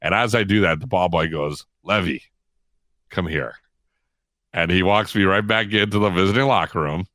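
Deep-voiced guy telling a story, bright punchy tone, laughs a lot. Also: fast, hardly any pauses, no room sound. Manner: animated, laughing, acts out quotes. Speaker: guest storyteller. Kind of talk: casual storytelling.

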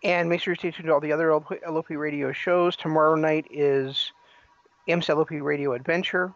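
A man co-hosting a casual podcast, teasing his partner in quick banter. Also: fairly high pitch, steady tone, a bit bright, dry recording. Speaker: podcast co-host. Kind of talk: casual chat. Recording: dull lo-fi audio.

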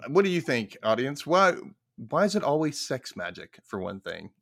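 A man's voice: medium pitch, very animated, moderate pace, vocal fry, fairly bright tone. A man hosting a casual podcast recap, laughing easily and asking the audience questions. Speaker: podcast host.

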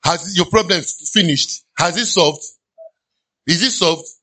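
A man with a Nigerian accent preaching an animated sermon in a church, at times mimicking sighing listeners. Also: high voice, slow pace. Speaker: pastor.

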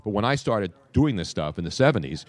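An older man hosting a live sports radio show, talking in an animated way with trained broadcaster diction and a slight South Philly accent. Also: fairly low pitch, brisk. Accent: slight South Philly under trained broadcast diction. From South Philadelphia. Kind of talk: casual radio talk. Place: radio row booth at a live event.

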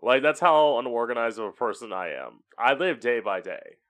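A man's voice: medium pitch, animated, moderate pace, a bit bright. A man hosting his own podcast from home, talking in a candid, chatty way and swearing freely. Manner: chatty and candid, swears often, acts out voices for effect. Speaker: podcast host. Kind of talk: casual solo podcast monologue.

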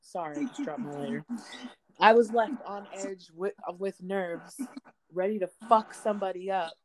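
Animated woman telling a story. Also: medium pitch, moderate pace, poor audio. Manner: animated, profane, acts out quotes. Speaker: podcast co-host. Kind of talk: casual storytelling chat. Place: home, indoors.

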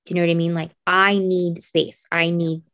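A woman's voice: fairly low pitch, level tone, moderate pace, a bit bright, no echo, clean studio sound. A woman who homeschools her children, talking earnestly as a podcast guest and repeating phrases for emphasis. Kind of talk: casual podcast chat.

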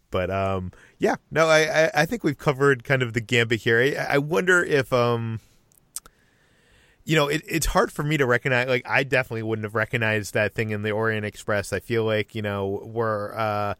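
A man's voice: medium pitch, moderate pace, fairly bright tone, clean tone, dry recording. An American man hosting a casual discussion podcast, talking hesitantly with many restarts and fillers. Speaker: podcast host.

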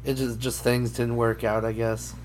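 Joking, laughing podcast co-host. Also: male voice, medium pitch, flat delivery, moderate pace, a crowd in the background. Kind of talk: casual podcast chat.

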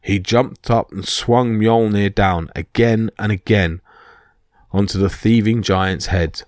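A man hosting a podcast, reading a myth as steady scripted storytelling. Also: on the low side, slow pace, no room sound, studio quality. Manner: steady reading with small slips. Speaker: podcast host and narrator.

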